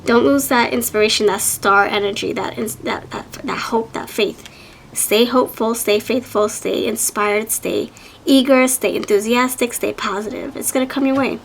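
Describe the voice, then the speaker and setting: A woman with a somewhat high voice reads tarot cards for her viewers in a loose, chatty way. She is enthusiastic and encouraging, often restarting her sentences as she talks. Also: moderate pace, vocal fry, slight background noise. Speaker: tarot reader. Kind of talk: casual tarot reading to camera.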